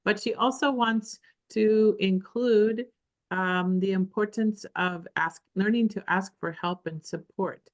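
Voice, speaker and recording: Slow, halting woman making announcements. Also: medium pitch. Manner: halting, many ums. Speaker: group organizer. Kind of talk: meeting announcement.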